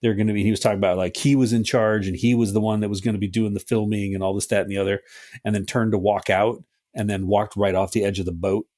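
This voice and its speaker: A man's voice: fairly low pitch, little pitch movement, quick pace, dark tone, no room sound, clean studio sound. A middle-aged man co-hosting a podcast in casual chat, swearing freely and joking as he tells stories. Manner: profane, joking, does mocking quoted voices. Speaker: podcast co-host.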